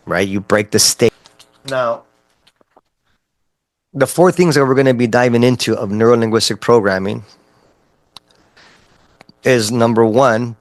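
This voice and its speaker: An NLP coach, a man with a medium-pitched voice and no room sound, gives a casual teaching talk on mindset. He's conversational, checks in with listeners often with frequent "right?", and restarts his sentences.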